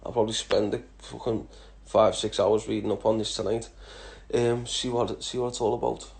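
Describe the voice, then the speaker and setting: A man's voice: lowish voice, level tone, moderate pace, creaky, a little mellow. A man in his thirties with a Liverpool accent, answering follower questions in a blunt, laughing, heavily swearing chat. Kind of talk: casual Q&A chat.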